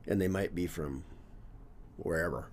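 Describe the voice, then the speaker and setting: A low-voiced man in his sixties, a veteran teacher and coach, talks at a measured pace in an informal interview, sounding earnest and thoughtful. His thoughts trail away with fillers such as "you know, whatever," and there's slight background noise.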